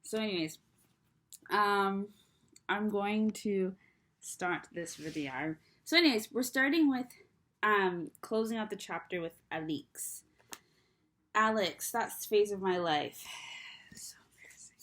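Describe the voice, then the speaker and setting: A woman's voice: mid-range voice, slow, a bit bright. A young adult woman chatting casually to camera, rambling and self-deprecating, with a slight lisp from braces. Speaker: vlogger.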